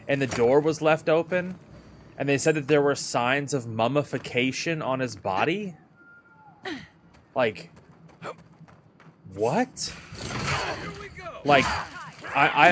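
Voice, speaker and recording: An easygoing male streamer, mid-pitched, talking casually to viewers while he plays. He rambles, repeats words as he thinks, and keeps things relaxed, with faint noise underneath. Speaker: game streamer. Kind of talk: casual live-stream chat while gaming.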